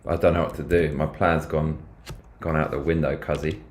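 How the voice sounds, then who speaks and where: This very deep male voice moves at a normal speed, with a faint hiss or hum in the audio. He's a British man on a casual live stream, cursing liberally and excitedly voicing his reactions as he reads.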